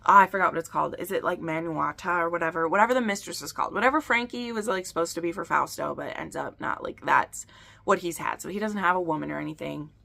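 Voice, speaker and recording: A woman recapping a romance novel in a casual, rambling way, full of "like" and quick asides. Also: on the low side, creaky, sharp tone. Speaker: book reviewer. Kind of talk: casual book recap chat.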